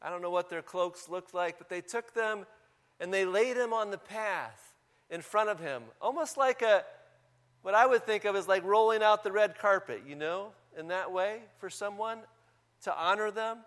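A man delivers a Palm Sunday-style sermon in a church, speaking in a relaxed, conversational way. His voice sits fairly high for a man. He keeps turning to the congregation with questions. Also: moderate pace. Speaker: pastor.

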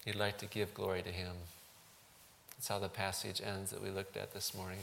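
Gravelly-voiced pastor leading a service. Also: male voice, deep voice, completely flat delivery, fairly bright tone, slight background noise. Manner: halting, with frequent ums. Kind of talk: church service address and prayer.

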